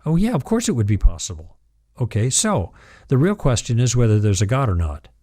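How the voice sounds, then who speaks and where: A male radio talk show host in a call-in conversation. His voice is dark and mellow, and he guides the caller one step at a time. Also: mid-range voice, very animated, brisk.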